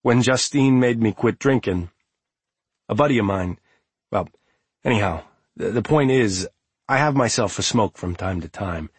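Audiobook: man playing a laid-back middle-aged guy, rambling, husky and low. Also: normal speed, no echo. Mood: relaxed. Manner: rambling, relaxed.

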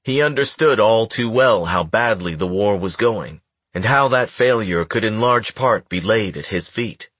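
Husky low-voiced male audiobook narrator. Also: no echo. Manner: measured, even storytelling. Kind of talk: scripted narration.

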